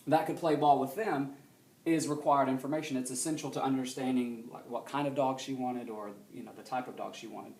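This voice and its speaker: A male teacher giving a recorded grammar lesson in a classroom, explaining steadily and often checking understanding with a quick question. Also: mid-range voice, steady tone, a little mellow, roomy sound.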